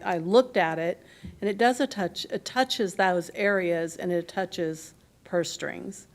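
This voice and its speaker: A woman county commissioner giving her view at a board meeting, halting and repeating herself. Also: fairly low pitch. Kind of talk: board discussion.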